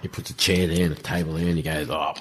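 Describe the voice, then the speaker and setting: A middle-aged Australian man telling animated anecdotes in a casual chat, acting out other people's lines and swearing casually. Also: deep voice, racing, a little hiss or hum. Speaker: guest, former rugby league player. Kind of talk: casual storytelling in a podcast chat.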